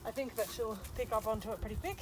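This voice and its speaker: Talking fast in a high-ish voice, this woman trains her dogs on a trick in a chatty, casual way. She keeps breaking off to praise them and sound beeping cues, and the outdoor recording has plenty of noise.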